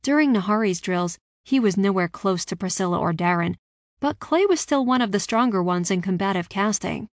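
Woman reading a first-person fantasy book, steady and expressive, mid pitch, dry close sound. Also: moderate pace, dry recording. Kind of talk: first-person audiobook narration.

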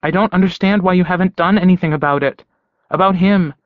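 A man's voice: high-pitched, fairly quick, dry recording, pitched above the performer's own voice, close to an everyday voice. A man voicing a blunt, sardonic young woman who prods and scolds in an exasperated way. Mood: insistent. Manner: exasperated, teasing, insistent. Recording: slightly dull dry audio.

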